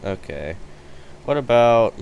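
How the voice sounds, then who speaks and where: A man's voice: mid-range voice, sing-song, slow pace, highs cut off, a little hiss or hum. A man casually chatting as he reacts to videos, rambling and laughing often as he thinks aloud. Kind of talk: casual chat.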